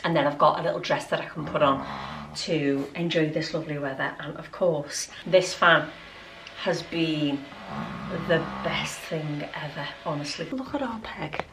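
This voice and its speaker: A woman's voice: low-pitched, steady tone, unhurried, background noise. Woman, lifestyle vlogger, casual and effusive, acts out dialogue; recorded off-mic in a roomy space. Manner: gushing, chatty storyteller acting out dialogue. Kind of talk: casual chatty vlog. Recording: roomy sound, mic at a distance.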